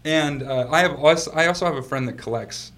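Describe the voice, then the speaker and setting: A man being interviewed as a guest, telling a story in a casual, animated way, laughing often and swearing freely. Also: on the high side, fairly quick. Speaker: guest, company founder.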